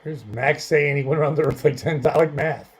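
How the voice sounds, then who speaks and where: Rambling comedian man, slightly high voice. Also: fairly quick, breathy edge, low-quality recording. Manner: rambling, filler-heavy, self-deprecating. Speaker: comedian and podcast host. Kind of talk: casual storytelling chat.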